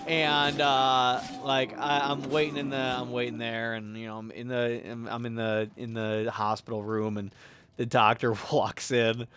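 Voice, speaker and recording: On a live game stream, a man casually retells a story in an animated, exasperated, profane way, muttering to himself as he plays. His mid-range voice moves a little slowly, with a slight hiss or hum present.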